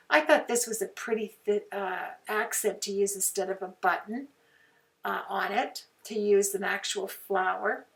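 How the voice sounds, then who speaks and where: A woman's voice: mid-range voice, fairly bright tone. A woman hosting a craft channel, chatting casually through a tutorial with frequent fillers. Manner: unhurried, chatty, with many fillers. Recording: voice some distance from the mic.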